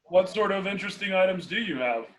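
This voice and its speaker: A man's voice: sits high, lively intonation, fast, fairly bright tone. A man playing a tabletop game, asking questions in a casual, inquisitive way. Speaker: player.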